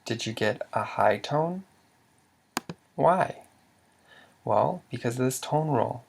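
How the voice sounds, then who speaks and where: A man's voice: medium pitch, gravelly. A man narrating a slide lesson as a language teacher. He asks questions, answers them himself, and often stops to restart a word.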